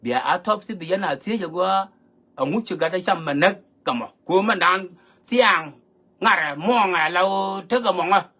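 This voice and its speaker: A man's voice: high-pitched, moderate pace, pushed and bright, slightly rough. A man giving an emphatic, lecturing monologue, switching between languages as he talks. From South Sudan. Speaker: online commentator. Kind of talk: monologue talk mixing languages.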